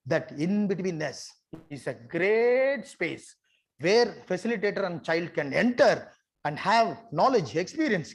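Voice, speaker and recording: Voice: medium pitch, husky. A theatre facilitator gives a conference talk. The speaker repeats phrases and coaxes the audience to take part.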